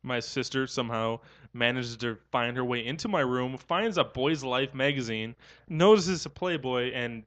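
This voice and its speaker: A man's voice: mid-range voice, normal speed. A young man co-hosting a casual podcast, telling a long anecdote and acting out the quoted lines. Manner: animated anecdote teller, acts out quoted dialogue. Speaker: podcast co-host. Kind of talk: casual chat, storytelling.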